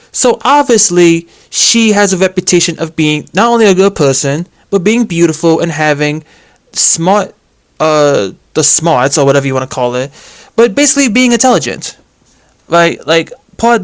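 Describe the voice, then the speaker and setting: A man giving a casual, exasperated rant about a video game, swearing and filling his talk with "like". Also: on the high side. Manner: animated and exasperated, with heavy use of "like" and swearing. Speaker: game commentator.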